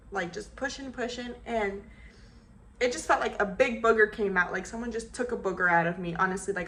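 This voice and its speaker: A young woman vlogger telling a personal story in a casual, animated way, acting out what people said and leaning on "like" a lot. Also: medium pitch, slight background noise, low-quality recording. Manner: animated, acts out quotes, frequent "like".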